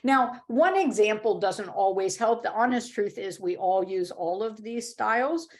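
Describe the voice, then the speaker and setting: A woman's voice: mid-range voice, measured pace, a little mellow. A woman presenting a webinar workshop, explaining in a conversational way with frequent fillers and check-ins. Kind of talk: webinar teaching talk. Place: home or office video call.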